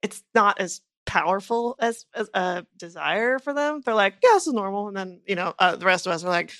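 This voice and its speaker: Bright, lively woman chatting candidly. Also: mid-range voice, normal speed, no room sound, clean studio sound. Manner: candid, self-deprecating, laughs often. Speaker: podcast co-host. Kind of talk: casual chat. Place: home, rain heard outside.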